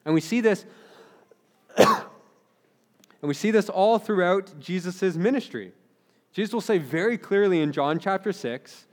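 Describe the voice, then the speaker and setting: Thirtyish guy pastor preaching, kinda high voice, earnest and chatty, long echo in a church. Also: a little slow. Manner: earnest, conversational preaching with repeated restarts. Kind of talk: sermon. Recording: long hall reverb.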